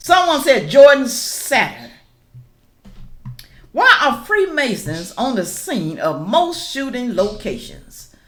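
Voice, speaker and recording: A woman's voice: fairly high pitch, slow pace. A middle-aged woman talks straight to her viewers in a casual reaction vlog. Her voice swings widely up and down as she reacts, and she keeps calling them y'all. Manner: animated, addresses viewers as y'all. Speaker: reaction vlogger.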